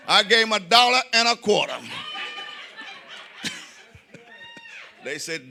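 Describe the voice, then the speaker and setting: Male stand-up comic: bright, piercing tone, high voice that swoops all over, plays every character in his stories and talks straight to the crowd. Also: slow, vocal fry, pauses often. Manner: animated storytelling, acts out quoted voices, shouts punchlines; addresses the audience directly. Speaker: stand-up comedian. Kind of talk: stand-up comedy routine. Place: comedy stage before a live audience.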